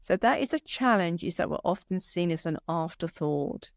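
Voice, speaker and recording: A woman's voice: fairly low pitch, animated, normal speed, no room sound, clean studio sound. A woman, a guest arborist, giving earnest, practical answers in a conversational interview. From United Kingdom.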